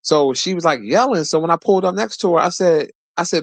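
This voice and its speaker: A man in his forties telling a rambling, profane story in a casual rant, his voice jumping high whenever he quotes someone. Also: fast talker, no echo. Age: 40s. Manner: profane, animated, jumps high when quoting people. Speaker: streamer host.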